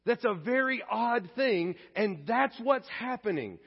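Animated, husky-voiced male pastor. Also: sits high, unhurried. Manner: animated and conversational, dropping to a hushed tone. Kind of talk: sermon. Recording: echoey hall, dull lo-fi sound.

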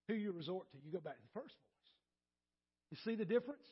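A male pastor preaches to his congregation with a strikingly high, raspy voice, repeating himself as he builds a point. He calls on listeners by name and moves between near-whispered asides and loud, emphatic lines. The recording is muffled and lo-fi. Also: lively intonation, brisk, pauses often. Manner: swings from quiet to loud and emphatic. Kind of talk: sermon.

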